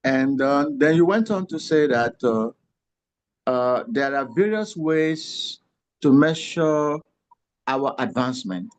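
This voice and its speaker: A man's voice: mid-range voice, animated, no echo, poor audio. A man from the audience on a video call, respectfully and hesitantly working up to his question. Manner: respectful, hesitant, with many pauses. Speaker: audience member asking a question.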